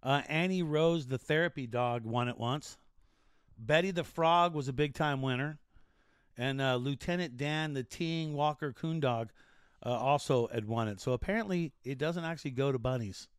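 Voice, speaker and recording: A man's voice: medium pitch, normal speed, clear, resonant tone, dry recording, studio quality. A man hosting a casual show, joking and rambling through odd news stories with restarts. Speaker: show host.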